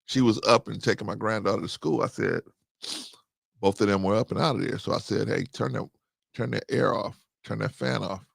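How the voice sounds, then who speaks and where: A man's voice: on the low side, brisk, vocal fry, dry recording. A man in his fifties hosting a casual monologue, telling a story and repeating phrases for emphasis. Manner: storytelling, acts out quoted dialogue. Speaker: host.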